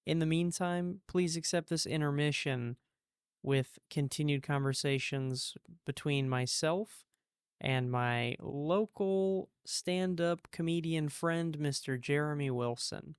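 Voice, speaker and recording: A man's voice: a little high, slow, clean tone, dry recording, clean studio sound. A man hosting a podcast, chatting casually with wry jokes. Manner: joking, wry. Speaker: podcast host. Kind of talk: casual chat.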